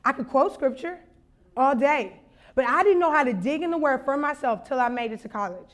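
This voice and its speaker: High-voiced woman preaching with stories. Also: brisk. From Louisiana. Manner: animated, laughing, acts out voices in anecdotes. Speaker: conference speaker. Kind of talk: storytelling sermon.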